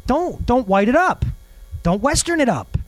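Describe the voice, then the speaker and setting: Animated high-voiced man preaching. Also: moderate pace, no echo, poor audio. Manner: animated, rhetorical questions, jokey asides. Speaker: pastor. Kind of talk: sermon.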